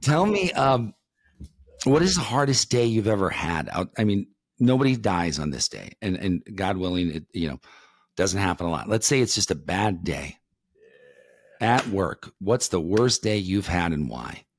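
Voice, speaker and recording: A man's voice: deep voice, sing-song, moderate pace, no room sound, studio quality. A man hosting a podcast, talking casually and frankly with rambling asides and the occasional swear. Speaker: podcast host. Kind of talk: casual conversational interview.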